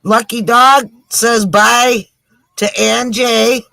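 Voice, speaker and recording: A woman's voice: a little high, fairly even intonation, extremely slow, gravelly, sharp tone, dry recording. A woman hosting her weekly joke segment on a live stream, chatting and greeting viewers by name. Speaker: comedy show host. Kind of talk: casual live-stream chat.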